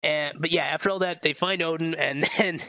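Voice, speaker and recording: A man with a bright, fairly high voice talks through a movie plot in a loose, rambling podcast chat. The recording is dry and a little dull, like a lo-fi home setup. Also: fairly even intonation, brisk, dry recording. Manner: rambling, stumbles over names, laughs often. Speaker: podcast co-host. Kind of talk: casual movie review chat.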